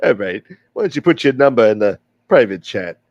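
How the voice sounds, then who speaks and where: A man putting on a gruff old-school mobster who keeps calling himself a gentleman, menacing yet mock courteous. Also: fairly low pitch, big pitch swings, a little fast, dry recording, lo-fi sound.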